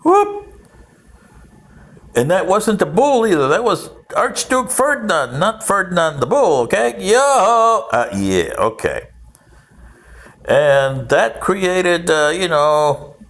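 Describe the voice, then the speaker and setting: Gravelly, animated man, slow sarcastic rambling. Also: a little high. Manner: sarcastic, mocking asides and put-on quotes. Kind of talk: rambling history monologue.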